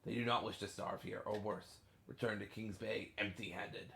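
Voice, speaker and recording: A man's voice: on the low side, fairly even intonation, moderate pace, gravelly, a bit bright, roomy sound, a little hiss or hum. A man voicing a male pirate in a put-on old British pirate accent, reading a letter in a hammy mock-solemn way.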